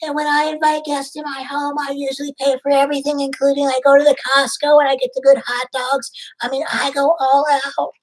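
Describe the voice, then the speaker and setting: A woman's voice: high voice, flat delivery, brisk, few pauses. A woman on a prank phone call, playing a lonely, clingy character who giggles and gushes emotionally. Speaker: scam baiter posing as a lonely woman.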